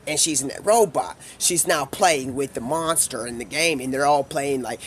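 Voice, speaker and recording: A man's voice: medium pitch, moderate pace, slight background noise. A man streaming live, telling a rambling, improvised, stream-of-consciousness story full of slang.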